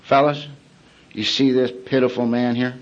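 A man voicing a gruff old man with a deep gravelly voice, who is long sober and bluntly mocking. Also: little pitch movement, normal speed, dull audio, a little hiss or hum, close to an everyday voice. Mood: blunt taunting. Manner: blunt, taunting.

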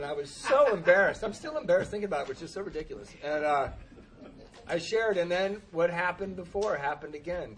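A man with a fairly high voice tells a long personal story and laughs at himself along the way. He acts out every part of the dialogue in a self-mocking storyteller's manner. There is a faint hiss of noise behind him. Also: a bit bright. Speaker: speaker sharing a recovery story. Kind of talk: storytelling talk with humor.

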